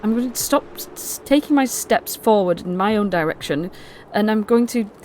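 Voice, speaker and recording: A woman's voice: mid-range voice, animated, darkish tone, slight background noise, lightly acted. A woman voicing a remorseful young woman who stammers through earnest apologies. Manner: stammering, halting.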